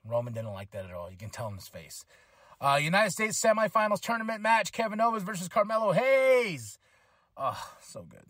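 A man hosting a solo podcast, recapping a wrestling show in a casual, excitable way and acting out quotes with lots of fillers. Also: high voice, normal speed, dry recording, clean studio sound. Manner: excitable, chatty, acts out quotes. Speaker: podcast host.

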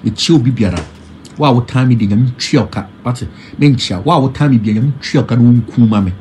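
A man with a Ghanaian accent preaching a comic sermon, jumping between singing, mimicry and shouting. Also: medium pitch, fairly quick, slight background noise.

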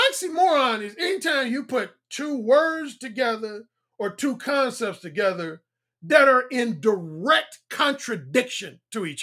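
On a livestream, a dating coach in his fifties talks bluntly and keeps repeating his points. His voice has a sharp tone and swings between a high, throaty register and a deep, resonant one.

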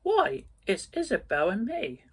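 Storybook read-aloud: a cranky old skinflint, put on by a male reader, yelping high and loud. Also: huge pitch swings, a little slow, breathy edge, full character voice. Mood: wistful. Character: grumpy old male miser, shrill when upset.

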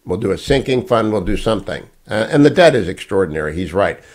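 A man's voice: fairly low pitch, big pitch swings, fast. An older man hosting a political talk radio show, lecturing emphatically and repeating his key points. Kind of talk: opinionated political monologue.

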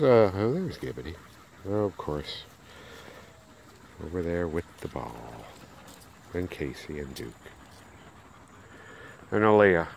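Deep-voiced man coaxing dogs outdoors. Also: a little hiss or hum, poor audio. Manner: coaxing calls and chatter to his dogs. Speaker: dog breeder filming his dogs. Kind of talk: casual vlog narration. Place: front yard outdoors in the country.

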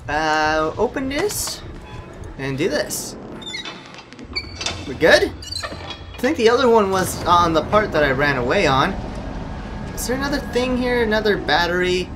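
Over music, a man commentates a horror game in a high, sing-song voice, unhurried and pausing often. He jokes around, talks to the game characters, and lets out yelps and shrieks when something frightens him. The home recording is noisy.

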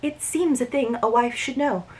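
A woman's voice: fairly high pitch, normal speed, darkish tone, pitched above the performer's own voice, lightly acted. A woman reading a polite young lady. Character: composed young lady pouring tea.

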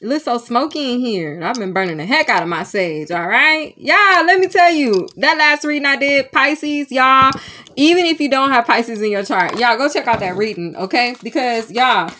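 Woman, spiritual medium, animated vlog talk, slightly high voice. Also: moderate pace, a little hiss or hum. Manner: animated, chatty, keeps checking in with "okay?" and "y'all". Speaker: spiritual medium and tarot reader. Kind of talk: casual spiritual vlog chat. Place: home room with sage smoke.

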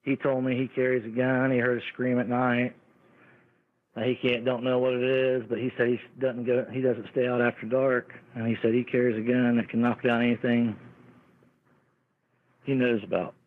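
A man's voice: medium pitch, flat delivery, normal speed. A man casually telling a rambling story about his neighborhood, often quoting neighbors. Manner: rambling, restarts and quotes neighbors. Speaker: caller telling an encounter story. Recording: tinny phone line.

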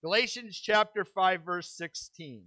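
A middle-aged man preaching a sermon as pastor, stressing key words with slow stretched phrases and pauses, then slipping into quick, self-mocking asides. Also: high-pitched, bright, forceful tone, no room sound. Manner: drops into quick asides and self-deprecating humor.

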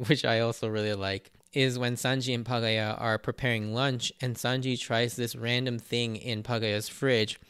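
A man's voice: medium pitch, flat delivery, measured pace, a bit bright, clear, resonant tone, dry recording, clean studio sound. A man hosting a podcast, recapping episodes in a chatty way, laughing often and drifting into side tangents. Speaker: podcast host.

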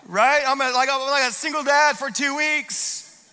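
A pastor preaching a sermon with energetic delivery that builds into shouted declarations, recorded in a church auditorium. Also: male voice, very high-pitched, measured pace, long reverb tail.

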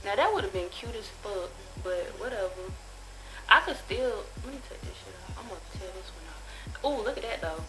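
A woman's voice: mid-range voice, animated, brisk, rough recording. A young woman, chatting casually and bluntly, with plenty of profanity, while she reviews a haul of cheap jewelry. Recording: music playing behind the voice.

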